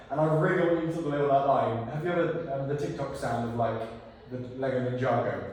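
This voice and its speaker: A man directing a theatre rehearsal, talking actors through scenes in an animated way and slipping into silly voices. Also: mid-range voice, quick pace. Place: rehearsal hall. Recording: echoey hall, far from the mic.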